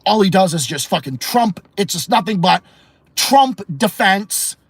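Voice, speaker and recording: A man's voice: high voice, lively intonation, a little fast, creaky, slightly rough, dry recording. Profane ranting man with a Massachusetts accent. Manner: profane, blunt and opinionated. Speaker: podcast host. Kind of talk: ranting livestream podcast, answering chat.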